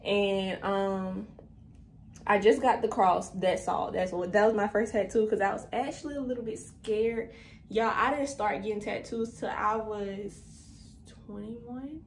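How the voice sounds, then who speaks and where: A woman's voice: mid-range voice, steady tone, measured pace. A young woman in her twenties chatting casually to viewers in a vlog, a little out of breath, saying "y'all" often. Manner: chatty, addresses viewers as "y'all", many fillers. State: slightly out of breath. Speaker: vlogger. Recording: echoey room, faint background noise.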